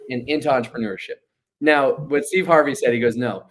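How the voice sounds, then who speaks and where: A man in his thirties, a guest entrepreneur telling a story in a casual interview, animated and acting out what people said. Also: medium pitch, a little fast.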